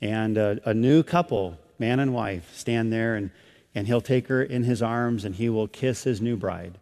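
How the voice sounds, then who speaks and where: Middle-aged preacher in a reverberant hall. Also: male voice, measured pace. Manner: preacherly, swells loud and high on key phrases, then drops soft. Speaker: pastor. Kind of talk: sermon.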